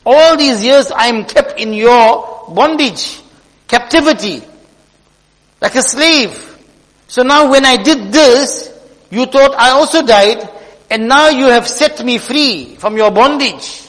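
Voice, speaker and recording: A man voicing a wise caged pet parrot that gently teaches its master, in an earnest storytelling tone. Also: very high-pitched, takes it slowly, voice pushed up, exaggerated voice. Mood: explaining. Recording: long hall reverb.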